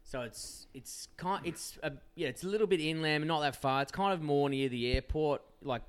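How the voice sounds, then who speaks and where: A man's voice: a little high, moderate pace, clean tone. A man from Perth with an Australian accent, a podcast guest rambling through stories and swearing a lot. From Perth, Western Australia. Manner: profane, rambling storyteller. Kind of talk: casual chat.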